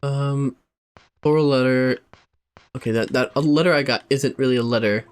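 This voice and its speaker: A man's voice: mid-range voice, steady tone, normal speed, clear, resonant tone. A young man streaming a game, chatting casually in a rambling, profane way, cutting himself off mid-thought. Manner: rambling, profane, self-interrupting. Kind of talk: casual gameplay streaming chat.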